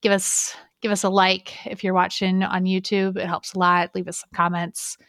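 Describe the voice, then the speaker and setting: A woman's voice: mid-range voice, little pitch movement, normal speed, fairly bright tone, no room sound, studio quality. A woman co-hosting a podcast in casual chat, chatty and giggly with lots of fillers. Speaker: podcast co-host.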